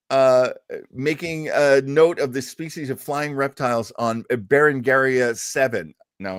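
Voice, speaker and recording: A man's voice: mid-range voice, fairly bright tone, no room sound. Man, podcast co-host, rambling, eager, dry recording. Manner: rambling, stumbling over words; enthusiastic fan. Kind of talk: casual review chat.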